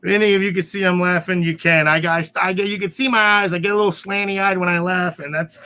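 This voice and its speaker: A man with a strikingly high, sharp voice co-hosts a casual chat. He rants with excitable energy and raises his voice to a shout when worked up. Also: brisk, clear, resonant tone. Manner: excitable, ranting, often shouts. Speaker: podcast co-host.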